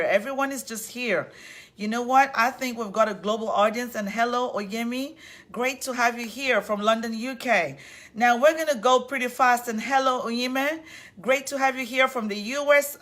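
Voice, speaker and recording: A woman's voice: on the high side, a bit bright. A woman hosting a live online talk, effusive and upbeat, greeting viewers by name and welcoming them in. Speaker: host of an online civility series.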